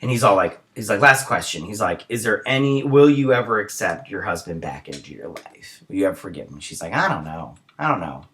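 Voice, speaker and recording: A young man with a fairly low voice but a bright, forward tone hosts a casual episode review, retelling each scene in rambling chatter packed with ums and uhs. He's animated and brisk with hardly any pauses, though a bit tired since it's early morning.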